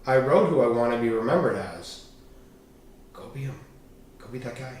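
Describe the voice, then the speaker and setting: Man, podcast guest, candid storytelling, animated, echoey room, distant mic. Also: mid-range voice, normal speed. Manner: animated, swearing, acts out quoted dialogue.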